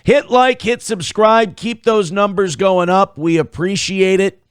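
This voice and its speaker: A man's voice: high-pitched, unhurried, clear, resonant tone, no room sound, clean studio sound. A man hosting a morning live stream, rambling and joking crudely while reacting to clips and viewer tips. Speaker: morning show host. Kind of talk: casual live-stream commentary.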